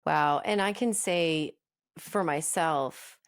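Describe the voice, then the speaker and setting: A woman's voice: low voice, slow pace, no room sound, studio quality. A woman in her thirties hosting a podcast, chatty and friendly with a self-deprecating touch. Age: 30s. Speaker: podcast host.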